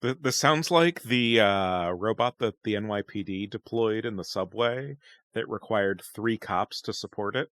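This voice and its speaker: A man's voice: fairly low pitch, a little slow, fairly bright tone, no echo. A man playing a tabletop game, joking with the others. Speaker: player.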